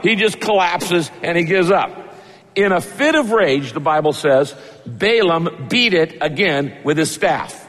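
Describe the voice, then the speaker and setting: A man's voice: a little high, long reverb tail. A man preaching a conversational, emphatic sermon, retelling a story and pressing the point home. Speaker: pastor.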